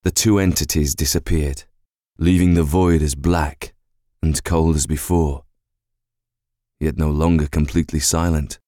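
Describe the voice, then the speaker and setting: A man with a very low voice reads a fantasy audiobook in a measured, deliberate way. The recording is dry and close, with no room sound. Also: fairly even intonation, warm tone, no echo. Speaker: audiobook reader. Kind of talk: scripted fantasy narration.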